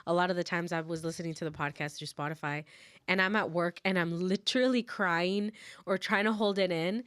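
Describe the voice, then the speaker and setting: A woman's voice: fairly low pitch, brisk, a bit bright, clean tone, no echo, clean studio sound. A woman in casual chat, talking about favorite funny moments from a podcast. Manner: chatty, fond of recalling funny moments.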